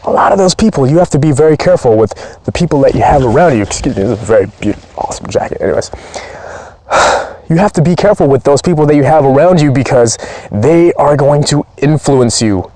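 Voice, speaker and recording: Fired-up profane man coaching, lively pitch. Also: fast talker. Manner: blunt, profane, pumped-up. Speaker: performance coach. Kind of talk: motivational training talk.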